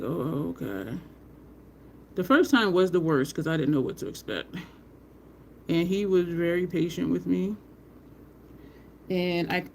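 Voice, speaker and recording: At a medium pitch, with a little hiss or hum in the background, a makeup tutorial host talks casually as she works. She rambles through stories, laughs often, and greets live viewers by name.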